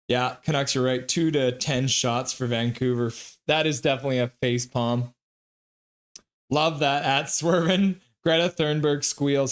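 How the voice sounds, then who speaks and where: A man's voice: mid-range voice, unhurried. A man casually calling a hockey game play-by-play on a live stream, reading chat and laughing along. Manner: chatty, reads chat messages aloud, laughs often.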